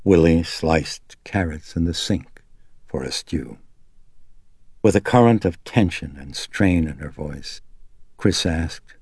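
Male audiobook narrator, steady dramatic read, low husky voice. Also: slow, no room sound, studio quality. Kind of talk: scripted narration.

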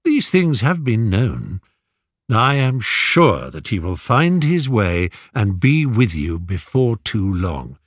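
A man voicing a gentle, soft-spoken old king. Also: lowish voice, sing-song, no room sound, clean studio sound, exaggerated voice. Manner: soft, measured and kindly.

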